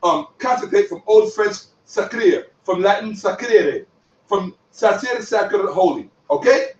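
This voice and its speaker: A man giving heated commentary on other online creators, boastful and profane, sometimes shouting. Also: high voice, measured pace. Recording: echoey room, distant from mic, dull audio.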